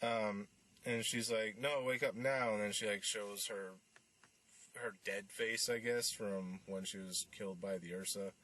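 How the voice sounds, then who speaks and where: A man's voice: lowish voice, fairly even intonation, unhurried, a bit bright. A man hosting a podcast, recapping a film in a casual, rambling way with lots of fillers and restarts. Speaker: podcast host reviewing a film.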